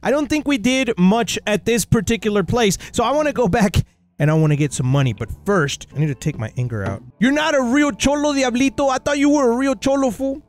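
High, animated man taunting in slang. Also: a little fast, faint music behind. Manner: exaggerated tough-guy slang, taunting and yelling at game characters. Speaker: VR gaming channel host. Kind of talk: gameplay commentary.

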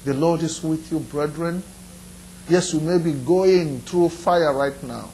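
High-pitched guy preaching, earnest, keeps repeating himself and asking the listener stuff. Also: slow, darkish tone, a little hiss or hum, rough recording. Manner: earnest, repetitive preaching with direct questions to listeners. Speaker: pastor. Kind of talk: sermon.

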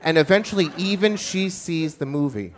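A man's voice: fairly high pitch, moderate pace, some chatter behind. A man who is a teacher tells a wry, self-mocking personal story live on stage.

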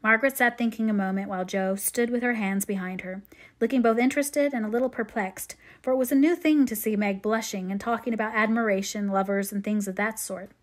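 A woman reading a classic novel aloud in measured storytelling narration. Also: medium pitch, fairly even intonation. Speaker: audiobook reader.

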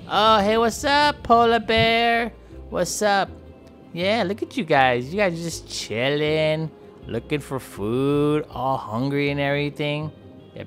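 A man's voice: medium pitch, fairly bright tone, close to an everyday voice. A man voicing a chatty, friendly male bowhead whale who rambles, jokes and trash-talks polar bears. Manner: rambling, joking, trash-talking. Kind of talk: playful game commentary role-play.

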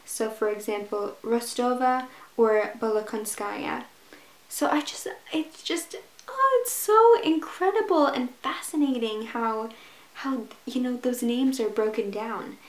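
A woman's voice: mid-range voice, darkish tone, roomy sound, poor audio. A woman talking casually and enthusiastically about a book she is starting, gushing with restarts and fillers. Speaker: book vlogger. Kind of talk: casual reading vlog.

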